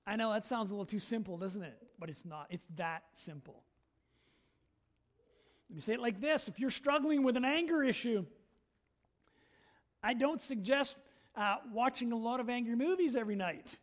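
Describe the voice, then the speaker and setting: A middle-aged man preaches as pastor in an unusually high voice. He is earnest and emphatic, leaning hard on key words and then falling quiet to let a point land. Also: moderate pace, long pauses. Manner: earnest, emphatic, swings between loud stresses and quiet drops. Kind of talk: sermon.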